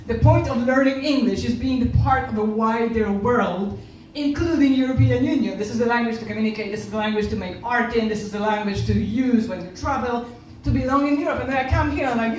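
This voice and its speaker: Captured from a distance in an echoey comedy club, this stand-up comic from Poland tells stories in her Polish accent and voices the other characters' lines. Her voice is a little high, with a little hiss or hum.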